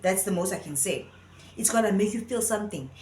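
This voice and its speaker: A woman muses aloud in a casual commentary, earnest and a bit rambling at a middling pitch. Her voice rings in a roomy space with a noticeable echo. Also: animated, a little fast, a little mellow. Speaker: vlogger.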